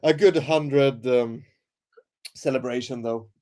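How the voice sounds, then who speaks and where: A woman's voice: extremely low pitch, slow pace, dark tone. A woman co-hosting a casual podcast chat over a remote call, gushing and swearing freely, often laughing. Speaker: podcast co-host.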